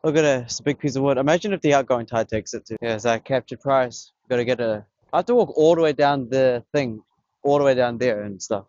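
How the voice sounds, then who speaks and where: A young man, excitedly filming himself fishing on a beach, swearing and talking in slang. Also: mid-range voice, fast, dry recording, lo-fi sound. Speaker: vlogger. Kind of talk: casual fishing vlog commentary. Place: outdoors on a beach by the water. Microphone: camera on a tripod.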